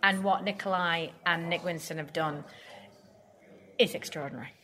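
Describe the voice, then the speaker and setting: A woman's voice: fairly low pitch, moderate pace, bright, forceful tone. A woman from the north of England, a musical theatre actress, chatting and laughing in an interview. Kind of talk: casual interview chat.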